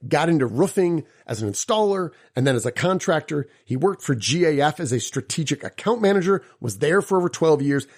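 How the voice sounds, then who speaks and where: A slightly high-voiced man hosting a podcast. He reads a scripted introduction, then moves into upbeat, joking chat with his guests. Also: a little mellow. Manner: upbeat, joking, playful asides. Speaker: podcast host.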